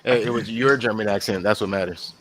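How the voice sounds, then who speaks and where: A man's voice: lowish voice, a little fast, fairly bright tone, a little hiss or hum. A man co-hosting a podcast, chatting in a laid-back, joking way. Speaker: podcast co-host. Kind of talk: casual chat.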